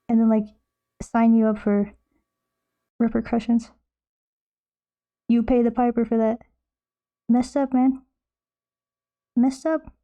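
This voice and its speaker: During a casual stream, a young woman doodles while chatting with her chat, rambling playfully and restarting sentences as she goes. Her fairly high voice sounds soft and mellow, with little pitch movement, a slow pace, and long pauses. The audio is dull.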